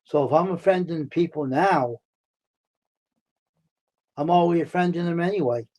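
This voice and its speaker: A man hosting a casual live stream from the United States, answering his chat by name, repeating himself, worked up at times and then calming his viewers down. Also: a little high, moderate pace. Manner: talks back to chat, repeats himself, heated then soothing.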